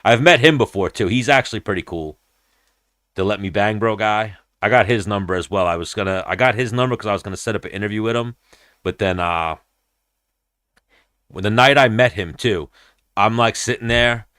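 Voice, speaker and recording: Low-voiced man telling a rambling story. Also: brisk, fairly bright tone, clear, resonant tone, no room sound, studio quality. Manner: rambling, profane, acts out quoted voices. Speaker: podcast host. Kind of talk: casual storytelling chat.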